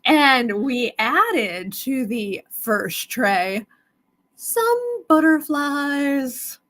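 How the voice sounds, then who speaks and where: Chatty live-sale host, woman, unhurried, highish voice. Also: sing-song, fairly bright tone. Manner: chatty, greets viewers by name. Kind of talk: casual live-stream selling chat.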